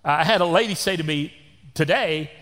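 A man's voice: on the high side, brisk, a bit bright. A Texan man in his sixties preaching a sermon as pastor, with a folksy, joking manner and down-home sayings. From Texas. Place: church sanctuary. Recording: long church reverb.

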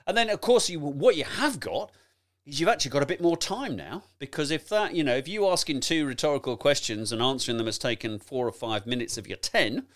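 A man coaching on presentation skills in a chatty, animated teaching talk, addressing the listener directly and laughing often. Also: on the high side, brisk.

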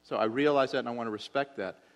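A man preaching a sermon as a pastor, impassioned, his voice swelling and then dropping low for emphasis. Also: fast. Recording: long hall reverb.

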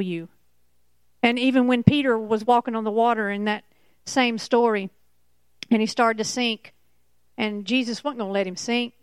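A woman preaching a Bible sermon, slow and emphatic, repeating key points. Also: on the high side, smooth, no room sound. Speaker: Bible teacher.

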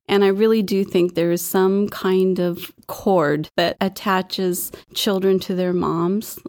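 A woman's voice: fairly low pitch, vocal fry, darkish tone. A middle-aged woman who is an adoptive mother, speaking in an interview and telling her story in a heartfelt, earnest way. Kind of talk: personal interview testimony.

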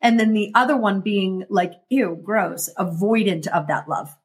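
Woman, coach type, husky voice, lively motivational delivery in casual chat. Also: mid-range voice. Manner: energetic, motivational, quick bursts. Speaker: guest, emotional intelligence coach.

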